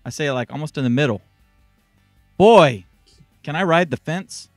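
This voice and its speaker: A man's voice: on the high side, animated, moderate pace, no echo, clean studio sound, soft background music. A man hosting a casual live stream show, playful and joking while he sets things up. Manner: playful, jokey, multitasking. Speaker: show host.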